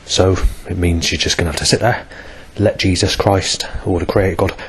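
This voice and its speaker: A man's voice: low voice, fairly even intonation, normal speed, slightly rough. A man in pain, rambling through a coarse and bitter personal video diary between coughs. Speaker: vlogger.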